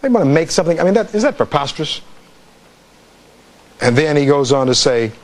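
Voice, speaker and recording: A man's voice: fairly high pitch, big pitch swings, brisk. A man, a defense attorney, giving a closing argument in a courtroom, reading testimony aloud and putting rhetorical questions to the jury.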